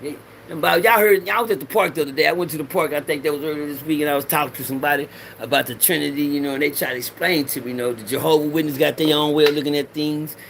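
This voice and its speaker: High gravelly man, preachy rambling vlog. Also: fairly even intonation, racing, few pauses, a bit bright, a little hiss or hum. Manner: preachy, repeats lines for the audience to say along; loose Southern street slang, swears freely. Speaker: vlogger. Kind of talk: rambling personal monologue.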